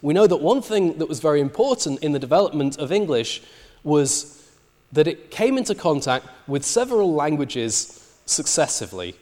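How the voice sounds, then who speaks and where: A man's voice: a little high, very animated, moderate pace, a little mellow, big-room sound. A man giving a recorded lecture, explaining step by step and posing rhetorical questions to his listeners.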